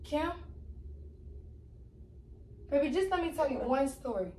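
Woman vlogger, high voice, playful, teasing, hushed spooky storytelling, casual prank video. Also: animated, unhurried, roomy sound, a little hiss or hum, rough recording. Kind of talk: casual prank vlog chat.

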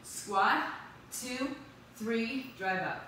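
Bright-voiced woman coaching a workout, echoey. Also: a little high. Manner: brisk counting cues and upbeat encouragement. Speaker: fitness instructor. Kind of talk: live workout class coaching. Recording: very echoey room, distant mic, faint noise.

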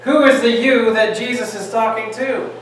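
A man teaching a Bible class, lively and joking, firing off questions at his students. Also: very high-pitched, normal speed. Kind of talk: classroom lecture. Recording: echoey room, distant mic, faint hiss.

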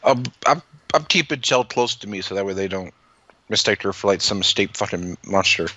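A man's voice: lowish voice, lively intonation, brisk, sharp tone, dry recording. A man playing in a tabletop game, casual, joking and profane. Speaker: player.

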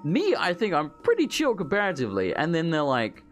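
A man's voice: on the high side, wildly swooping pitch, fairly quick, soft background music. A man giving casual gameplay commentary, ranting and swearing freely. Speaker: let's play gamer.

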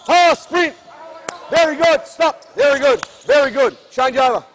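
Man, basketball coach, very high voice, barked drill commands, indoor court, faint background noise. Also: measured pace, fairly bright tone. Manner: barks short commands, then explains at length.

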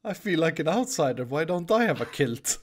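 A man's voice: a little high, fairly quick. A man from Sweden, hosting casual gaming chat with friends, joking and laughing often. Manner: jokey, laughs often, lively teasing. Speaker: channel host, gamer.

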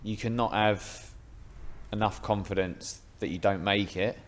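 Male interview guest, very low voice, modest and reflective, hesitant fillers. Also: fairly even intonation, measured pace. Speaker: podcast guest, former footballer. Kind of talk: casual interview answers.

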